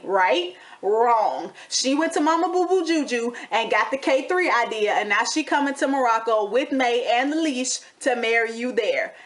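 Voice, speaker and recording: A woman's voice: a little high, animated, moderate pace, hardly any pauses. Sassy woman dishing a TV recap. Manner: sassy and dramatic, calls listeners honey and baby. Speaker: recap show host.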